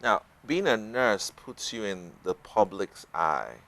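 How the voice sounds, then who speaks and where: A man's voice: lowish voice, very animated, takes it slowly, vocal fry, a bit bright. A man hosting a local TV health talk show, asking long strings of questions. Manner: asks long, stacked questions. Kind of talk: TV interview.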